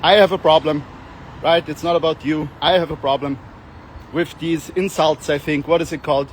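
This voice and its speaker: A man's voice: a little high, fairly even intonation, normal speed, a little hiss or hum. A man streaming live outdoors on a street, talking in a rambling, joking, self-mocking way.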